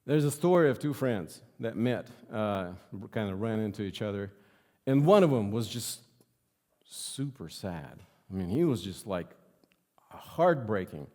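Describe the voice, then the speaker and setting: A man's voice: on the low side, lively intonation, moderate pace, darkish tone. A male pastor preaching a sermon in a church sanctuary, earnestly repeating phrases for emphasis. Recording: long reverb of a church hall.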